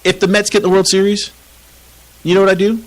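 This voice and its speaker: A man's voice: high voice, little pitch movement, fast talker, rough recording. A man co-hosting a casual soccer podcast, ranting with lots of swearing and frequent laughter. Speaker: podcast co-host.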